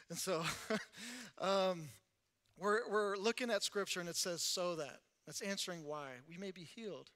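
A young male pastor giving a conversational, animated recovery sermon in church and laughing at himself. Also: high-pitched, measured pace.

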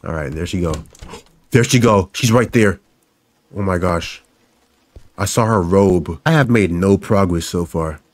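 A young man narrates his own horror game run. He is jumpy and profane, and he repeats short phrases again and again as the game pushes him around. His voice sits a bit on the low side. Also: unhurried, pauses often. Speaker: gaming YouTuber. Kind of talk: let's play commentary.

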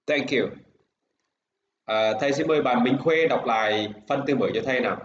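A Vietnamese man teaches an English lesson in his Vietnamese accent, speaking slowly and repeating each word for his pupils to echo. His voice is mid-range, and the lo-fi recording has a little hiss or hum.

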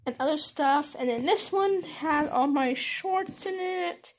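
A woman's voice: high voice, slow, slight background noise. A teenage girl giving a casual tour of her bedroom, rambling with lots of fillers and restarts, recorded on a handheld phone camera. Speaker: vlogger.

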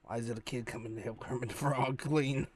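A man's voice: medium pitch, steady tone, a little fast, background noise. A man hosting a gaming channel, giving hyped, slangy, joking commentary while he plays a horror game. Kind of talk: let's-play commentary.

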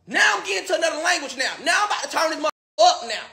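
High, bright-voiced man ranting in an echoey room. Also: lively intonation, very fast, vocal fry, few pauses. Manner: pleading, repetitive, swearing. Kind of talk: livestream rant.

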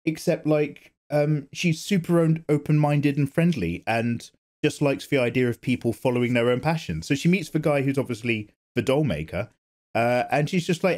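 A man's voice: medium pitch, moderate pace, darkish tone. A man hosting his own art channel, reading viewer comments in casual chat while drawing, playful and self-mocking. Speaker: artist and channel host.

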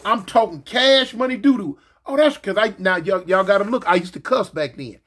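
A man casually telling a story from his past, slangy and animated, jumping in pitch and making sound effects as he goes. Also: normal speed, few pauses. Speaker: storyteller recounting his prison days.

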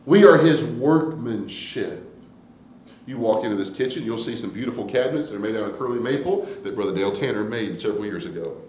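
A man preaching a sermon as pastor, swinging from hushed asides to loud, emphatic declarations. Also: medium pitch, lively intonation, a little fast, echoey room, slight background noise, rough recording. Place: church sanctuary.

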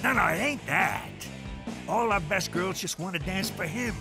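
A man voicing a dim-witted, deadpan mob sidekick in an adult cartoon. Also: sits high, normal speed, gravelly, music in the background. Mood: dopey. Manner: deadpan, dopey.

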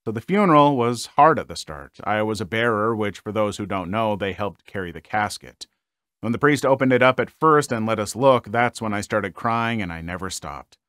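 A man reading internet stories aloud and adding his own lively comments between them, on a close, dry mic. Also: lowish voice, moderate pace, no room sound. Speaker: story reader and commentator.

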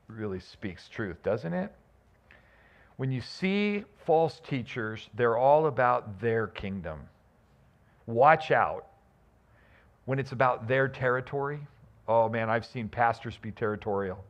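A man preaching a sermon as a pastor, with animated, emphatic delivery and frequent restarts. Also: mid-range voice, slow, highs cut off.

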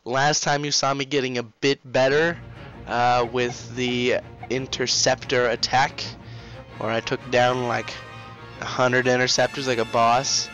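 A man giving casual, excitable commentary while playing a game, getting flustered and trash-talking it. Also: mid-range voice, a little slow. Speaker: let's play host. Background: game music and sound effects.

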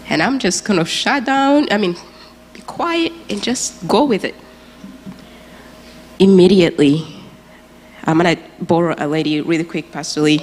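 A woman's voice: on the low side, darkish tone, a little hiss or hum. A woman from Rwanda, giving an earnest, emotional personal testimony as a guest speaker in a church. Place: large church auditorium. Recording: reverberant church hall, faint ambience.

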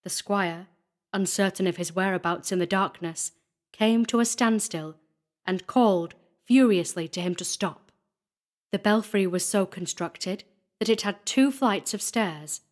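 A woman reads a gothic horror tale aloud at an unhurried pace, every phrase measured and deliberate. Her voice sits in a middle pitch, with the careful shape of scripted narration. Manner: slow, deliberate storytelling.

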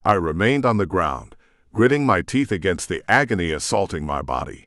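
A man's voice: deep voice, very animated, moderate pace, a bit bright, no room sound, clean studio sound. A man giving dramatic, brooding first-person audiobook narration.

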